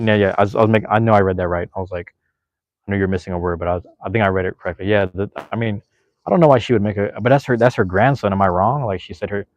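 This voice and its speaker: Low-voiced man rambling casually. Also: no echo. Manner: rambling, profane, with many restarts. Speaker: podcast host reading chat. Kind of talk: casual chat.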